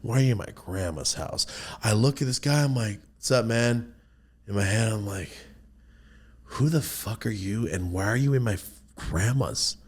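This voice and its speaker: A man's voice: moderate pace, breathy edge. A man casually telling a profane story, jumping into quoted voices. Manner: animated, profane, jumps into high-pitched quoted voices.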